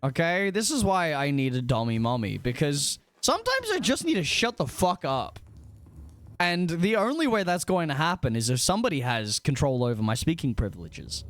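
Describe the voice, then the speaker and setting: A young man streaming a game live, chatting to his viewers in a rambling, excitable, self-mocking way. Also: a little high, normal speed. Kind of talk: casual gaming livestream chat.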